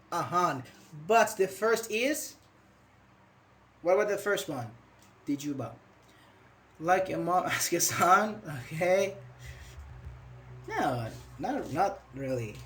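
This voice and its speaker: Man, high voice, online grammar teacher, repeats phrases, acts out example lines. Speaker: English teacher.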